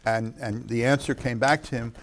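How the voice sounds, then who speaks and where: A man appearing as a guest on a talk show, telling a story in a halting way with frequent restarts. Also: medium pitch, fairly even intonation, a little hiss or hum. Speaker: guest, film producer. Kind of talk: casual talk-show chat.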